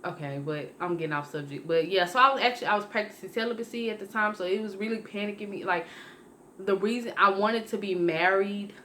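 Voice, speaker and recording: Speaking fast in a medium-pitched voice, a young woman vlogger chats through a personal story, frequently starting over and correcting herself. She grows lively when reenacting her own past words, and a little hiss or hum can be heard.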